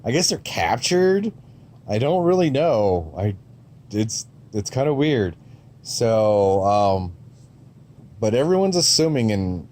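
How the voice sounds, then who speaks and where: A man's voice: fairly low pitch, a little mellow, slight background noise. A man giving a casual, rambling review of movie trailers, with frequent ums and restarts and a blunt, sometimes profane way of talking.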